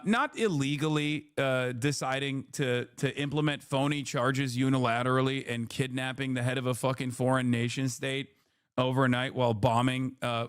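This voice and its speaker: A man's voice: mid-range voice, smooth, no echo, clean studio sound. A man streaming live political commentary, talking in a sarcastic, profane, rambling way.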